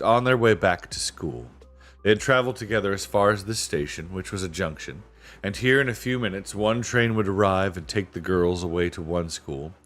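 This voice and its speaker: Low-voiced man reading a storybook. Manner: relaxed, unhurried reading with throat clears. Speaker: narrator reading a novel aloud. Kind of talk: casual read-aloud storytelling.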